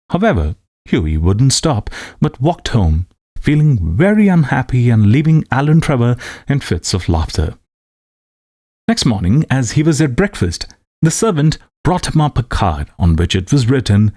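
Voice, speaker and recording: A man reading a classic short story aloud, with expressive, varied delivery. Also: medium pitch, moderate pace.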